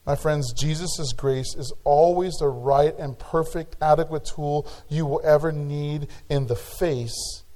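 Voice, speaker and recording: A male pastor preaching a sermon, building to emphatic peaks and dropping to quiet, drawn-out words. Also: on the high side.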